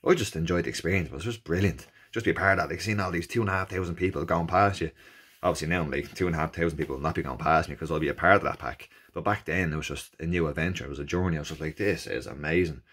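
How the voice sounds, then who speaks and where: A man with an Irish accent casually recounting his first endurance race, animated and jokey, acting out the people he met. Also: deep voice, rapid-fire, husky. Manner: animated, jokey, acts out quoted exchanges in raised voices. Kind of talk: casual storytelling.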